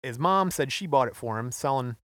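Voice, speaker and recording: On a podcast he co-hosts, a man tells a history story in a relaxed, casual way, laughing often. His mid-range voice moves a little fast, and the clean studio recording is dry with no echo.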